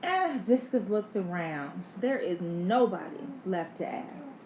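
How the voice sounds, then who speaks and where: A woman reading a children's picture book aloud in an expressive, playful way. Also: fairly low pitch, measured pace. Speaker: storybook reader. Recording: echoey room, faint background noise.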